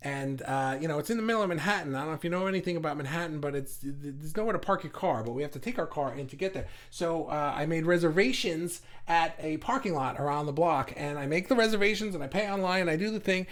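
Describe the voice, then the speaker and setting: A man's voice: a little high, fast talker, hardly any pauses, a bit bright. A middle-aged man with a New York accent, hosting a casual live chat, reading viewer comments aloud, laughing often and stumbling over his words.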